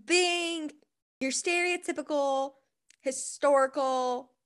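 High-voiced woman making wry asides. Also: takes it slowly, a bit bright. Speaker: podcast co-host. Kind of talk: casual book-club chat.

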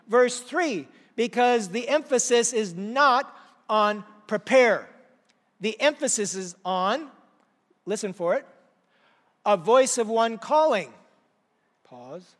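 A man preaching a sermon, teaching with animated rhetorical questions and emphasis. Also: high-pitched. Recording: long hall reverb.

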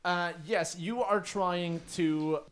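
A man's voice: sits high, slow, a bit bright. A man running a tabletop game as game master, chatty and laughing, with lots of fillers.

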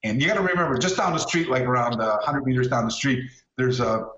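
A man in his sixties telling a story as an interview guest, animated and restarting often, on a video call. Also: mid-range voice, quick pace, slight background noise. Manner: animated, acts out quoted voices, many restarts. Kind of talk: casual anecdotal storytelling. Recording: echoey room, dull lo-fi call audio.

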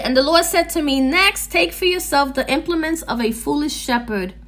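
A middle-aged woman teaches scripture on her podcast in a high, bright voice. She preaches with emphasis, driving her points home through long runs of repeated phrases. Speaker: podcast host.

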